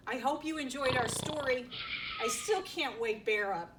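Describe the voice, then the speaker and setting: A woman librarian reading a picture book aloud to children, animated and stopping to ask them questions. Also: sits high, normal speed, noisy background. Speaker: children's librarian storytime host.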